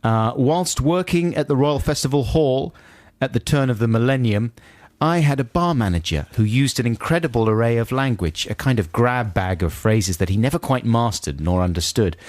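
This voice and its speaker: A man's voice: medium pitch, expressive, moderate pace, hardly any pauses, a little mellow, dry recording. A man co-hosting a radio show, reading listener emails aloud with playful banter. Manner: playful, breaks into laughter, mimics quoted people. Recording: dry radio studio.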